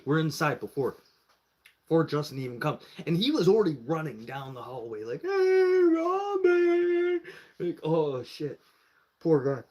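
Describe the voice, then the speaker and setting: A man's voice: on the high side, husky. A man on a live stream telling a long story in a casual way, swearing freely and acting out what other people said. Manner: animated, profane, acts out the voices of others.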